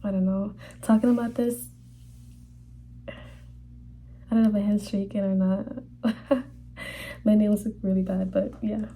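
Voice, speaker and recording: Husky, dark-voiced young woman telling a testimony. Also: medium pitch, flat delivery. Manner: halting, many fillers, drops to whispers when emotional. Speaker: vlogger sharing a faith testimony. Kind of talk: personal testimony, casual storytelling.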